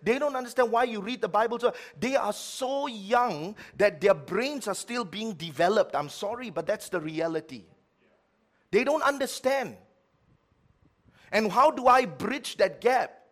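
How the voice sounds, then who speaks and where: A middle-aged man preaching a sermon as pastor, with lively swings between loud, emphatic lines and quiet ones. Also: sits high, unhurried.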